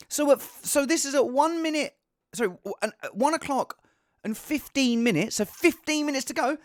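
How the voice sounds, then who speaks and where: A man hosting a comedy podcast, talking animatedly and swinging between shouting and mumbling. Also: very high voice, animated, normal speed, no room sound. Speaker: podcast host and impressionist. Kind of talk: casual comedic monologue.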